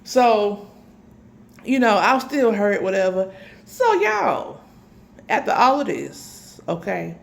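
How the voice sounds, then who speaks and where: A woman's voice: mid-range voice, slow pace, creaky, long pauses, slight background noise. A woman telling a personal story in a casual, chatty way, addressing her listeners directly with dramatic asides. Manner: chatty, addresses listeners as y'all, animated retelling.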